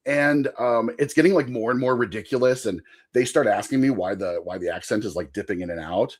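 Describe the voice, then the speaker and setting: A man's voice: medium pitch, a little fast. A young man, a podcast guest, telling a rambling anecdote in a casual chat and laughing as he goes. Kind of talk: casual storytelling.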